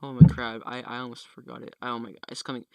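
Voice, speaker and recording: A teenage boy co-hosting a casual podcast, excitable and laughing between words. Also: mid-range voice, fast, creaky, slight background noise. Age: teens. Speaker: podcast co-host. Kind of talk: casual chat.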